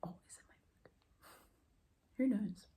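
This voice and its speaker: Slow and dark in tone, a woman rambles through a casual, reflective vlog chat from a room at home. She pokes fun at herself and laughs often.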